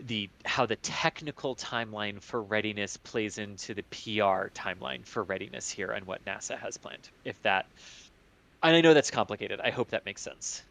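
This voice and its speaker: Low, bright-voiced man on a live stream. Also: vocal fry. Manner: halting, repeats words. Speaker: co-host.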